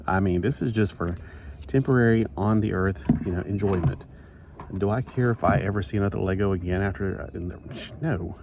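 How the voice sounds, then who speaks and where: A man with a very low, deep voice rambles along in a chatty, self-interrupting way as he builds a toy set. A steady noise runs behind him throughout the recording. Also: brisk. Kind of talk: casual chat while building.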